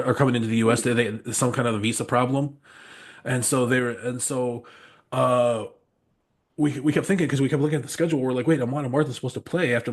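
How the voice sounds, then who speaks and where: A man on a podcast telling rambling, animated road stories, laughing often and swearing freely. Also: mid-range voice. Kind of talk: casual storytelling chat.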